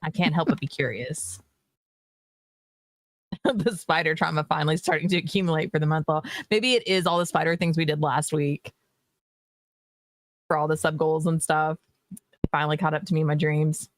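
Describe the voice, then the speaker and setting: A woman's voice: sits low, fairly even intonation, normal speed, long pauses, no room sound, clean studio sound. A woman co-hosting a casual game stream, reading chat aloud with playful exasperation and laughter.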